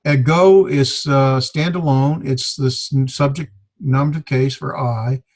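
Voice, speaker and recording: A man teaching a Greek grammar class, explaining in a halting way with many fillers. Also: medium pitch, darkish tone. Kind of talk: classroom lecture.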